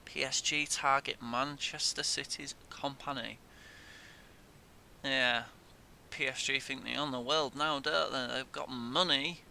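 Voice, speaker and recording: Lad doing gameplay commentary, swears a lot, bright voice, mid pitch. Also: male voice, fairly even intonation, measured pace, vocal fry. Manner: swears loudly in frustration. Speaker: gaming YouTuber. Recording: faint noise and low rumble.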